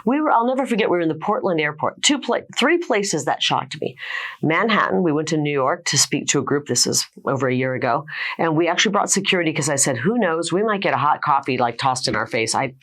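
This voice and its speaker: Low-voiced middle-aged woman talking in an interview, sure of herself, hits each point hard. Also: animated, fairly bright tone. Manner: confident, emphatic, lists points in quick series. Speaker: political candidate guest. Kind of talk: conversational interview answers.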